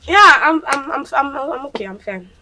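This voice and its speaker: A woman's voice: sits high, lively intonation, normal speed, background noise. An actress with a Nigerian accent playing a mother anxiously checking on her daughter, repeating herself insistently.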